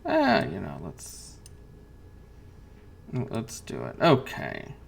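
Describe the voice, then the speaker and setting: Slow gravelly-voiced game master, a man. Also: fairly low pitch, wildly swooping pitch. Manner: hesitant, many fillers and restarts. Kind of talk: narrating a tabletop game.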